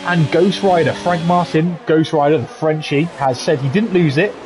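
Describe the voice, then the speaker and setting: A man commentating live on a sim racing league, chatty and jokey with quick asides. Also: fairly high pitch, background noise. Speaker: esports race commentator.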